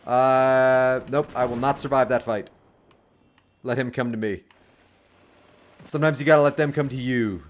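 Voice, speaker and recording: Excitable rambling male game streamer. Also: medium pitch, moderate pace, pauses often. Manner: excitable, rambling, lots of fillers and sudden outbursts. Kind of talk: casual livestream commentary. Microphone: desk microphone.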